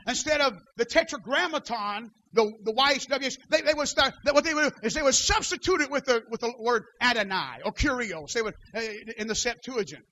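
A pastor preaching to his church in a strikingly high voice. He swings between shouted declarations and quiet asides, and he reads scripture aloud in formal, old-fashioned wording. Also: expressive, fairly quick, few pauses, a little hiss or hum. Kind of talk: sermon.

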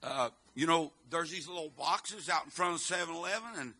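High bright preacher. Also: male voice, fairly quick. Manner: chanting, swelling to shouts, answering "amen" after phrases; chatty and joking in quieter stretches. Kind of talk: sermon. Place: church.

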